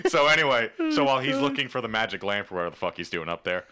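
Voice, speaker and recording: A man retelling an episode in casual, profane chat, acting out the characters in quick voices. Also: lowish voice, huge pitch swings, sharp tone, slight background noise. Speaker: podcast co-host recapping an episode.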